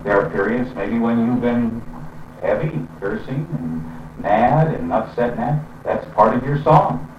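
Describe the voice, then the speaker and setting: A man giving a reflective spiritual talk in an unhurried way, with pauses and fillers. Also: medium pitch, a little hiss or hum. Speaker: spiritual teacher. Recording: roomy, distant and dull lo-fi sound with faint ambience.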